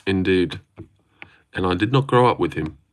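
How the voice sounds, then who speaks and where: A man's voice: sits low, moderate pace. A young Australian man casually chatting on a livestream, answering chat questions with a laid-back, jokey manner. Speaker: streamer reading chat.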